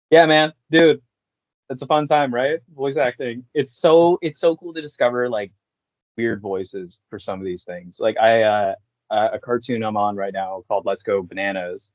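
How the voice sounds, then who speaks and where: A man's voice: fairly low pitch, lively intonation, measured pace, pauses often, dry recording, highs cut off. A young man, a voice actor, chatting casually as a podcast guest, laid-back and often laughing. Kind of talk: casual chat.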